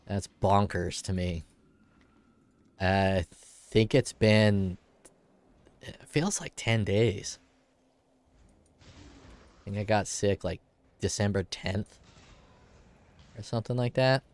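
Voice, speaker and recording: A man in his forties, congested and nasal, chats casually while streaming a game, sounding youthful and edgy and swearing now and then. His voice is fairly low and darkish, and he speaks slowly with long pauses.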